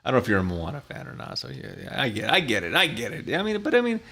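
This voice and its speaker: A middle-aged man with a gravelly edge and a voice that swings up and down. He co-hosts a relaxed live chat, easygoing and quick to laugh as he reads off bottle details. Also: mid-range voice. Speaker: podcast co-host. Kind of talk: casual chat and whiskey review.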